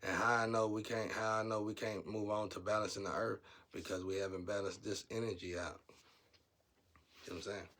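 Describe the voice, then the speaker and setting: Man, low voice, casual spiritual monologue, rambling, blunt, preachy, rises to heated outbursts. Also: steady tone, fairly quick, fairly bright tone.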